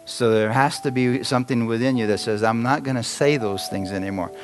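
A middle-aged man preaching in a church, with an easy conversational manner that keeps checking in with the congregation. His pitch sits in an ordinary middle range, and soft instrumental music plays faintly behind him. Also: fairly quick. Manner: conversational preaching, asks the congregation frequent questions. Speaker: pastor. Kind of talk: sermon.

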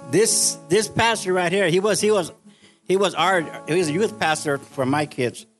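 Older man, earnest halting church testimony, slightly high voice, soft music under. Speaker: church member giving testimony. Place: church service.

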